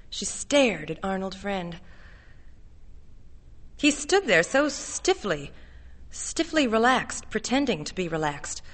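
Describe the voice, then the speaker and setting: A woman narrating a short story with a bright, clear tone. Her delivery is measured and steady, moving evenly through long descriptive passages. The pitch sits in an ordinary middle range. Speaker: reader. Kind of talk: literary story reading.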